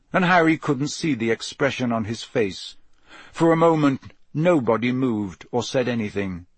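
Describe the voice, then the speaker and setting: Husky-voiced man reading a story. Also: mid-range voice, dry recording. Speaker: audiobook narrator. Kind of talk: scripted narration.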